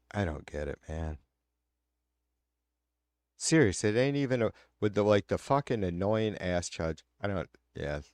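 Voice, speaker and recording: Brief: male live-stream host, low voice, dry close sound, heated and profane. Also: expressive, a little slow, pauses often, a little mellow, no room sound. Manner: blunt, heated, swears often. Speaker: live stream host reading viewer comments. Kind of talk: casual profane political rant.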